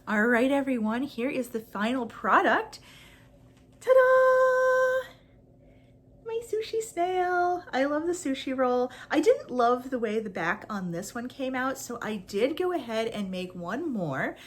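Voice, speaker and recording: A woman's voice: a little high, expressive, normal speed, few pauses. Chatty woman crafter. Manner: chatty, upbeat, with frequent fillers. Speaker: crochet pattern designer. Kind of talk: casual crafting vlog chat.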